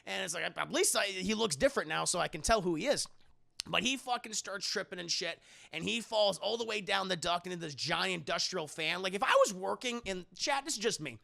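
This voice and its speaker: A young man with a high, bright voice and a heavy gravelly fry runs through a movie scene by scene for his live chat. He is sarcastic and profane, and he keeps slipping into quick impressions of the characters. The delivery is casual and riffing, never scripted. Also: lively intonation. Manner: sarcastic, jokey, swears freely, acts out characters in quick asides. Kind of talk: casual profane film recap.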